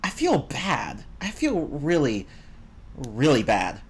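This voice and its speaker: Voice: wildly swooping pitch, takes it slowly, slightly rough. Rambling, opinionated game streamer. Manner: rambling and opinionated, with swings in pitch; reads and answers the chat. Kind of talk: casual live-stream chat.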